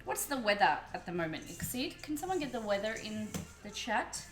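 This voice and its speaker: A woman's voice: mid-range voice, sing-song, a little fast. Chatty Australian woman with music behind. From Melbourne, Australia. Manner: chatty, chats with viewers while cooking. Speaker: cooking stream host. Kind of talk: casual live-stream cooking chat. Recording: roomy echo with music behind.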